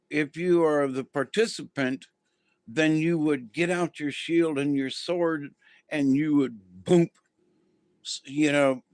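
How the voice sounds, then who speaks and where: A man's voice: on the high side, no room sound, clean studio sound. A man hosting a casual spiritual livestream, talking to viewers in a rambling, easygoing way with many ums and restarts. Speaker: spiritual channel host.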